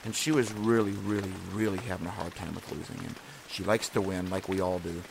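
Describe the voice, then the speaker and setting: A man's voice: low-pitched, fairly even intonation, fairly quick, gravelly, noisy background. A man hosting a podcast, giving a casual devotional talk in an earnest, encouraging way that rambles and restarts often. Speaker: podcast host.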